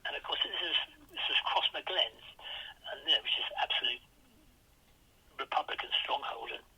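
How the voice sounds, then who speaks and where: An older man speaks in a posh English accent, wandering through anecdotes and restarting his sentences as he goes. His voice is very bright and sharp, with a husky, breathy edge. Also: fairly high pitch, moderate pace, rough recording. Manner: rambling anecdotal storytelling with many restarts. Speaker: guest. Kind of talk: casual podcast interview.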